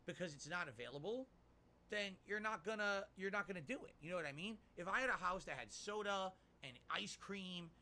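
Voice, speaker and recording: Animated, rambling middle-aged streamer. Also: male voice, sits high, fairly quick. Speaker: streamer reading viewer tips. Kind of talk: casual livestream talk.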